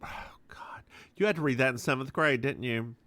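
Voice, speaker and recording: This podcast co-host speaks fairly quickly in a medium-pitched voice, with no room sound around him. He recaps a TV episode in animated, casual chat, switching into voices for quotes and swearing a lot.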